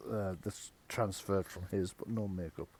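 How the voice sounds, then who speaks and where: A man's voice: sits low, steady tone, a little slow, a crowd in the background. A man narrating a tabletop game as game master, playful and often chuckling.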